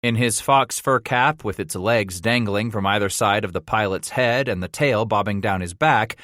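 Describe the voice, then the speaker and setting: A man narrating a western audiobook in a measured storytelling manner. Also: on the low side, fairly bright tone, dry recording, clean studio sound. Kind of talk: scripted narration of a western novel.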